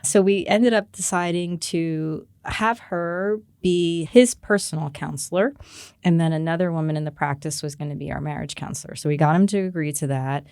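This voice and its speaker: Woman, forties, low pitch, dry recording, candid storytelling, lively quoted dialogue. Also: moderate pace, clear, resonant tone, no echo. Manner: animated, acts out quoted dialogue with laughs. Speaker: podcast guest.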